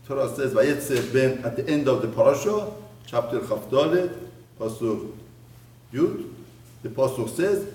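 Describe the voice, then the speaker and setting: Animated rabbi teaching from across a roomy space. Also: male voice, mid-range voice. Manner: animated storyteller, voice rising and dropping to near murmur. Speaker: rabbi teaching a mussar lesson. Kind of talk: spoken Torah lesson with storytelling. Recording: roomy, distant mic with faint ambience.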